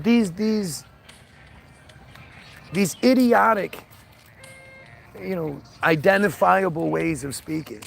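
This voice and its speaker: A man holds forth in an unscripted rant, his slightly high voice roughened by a gravelly edge. He swears often and keeps tripping over his words, restarting sentences mid-thought. A faint background hiss runs beneath the talk. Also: fairly bright tone. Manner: profane, emphatic, with frequent restarts and stammers. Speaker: podcast host. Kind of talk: casual ranting monologue.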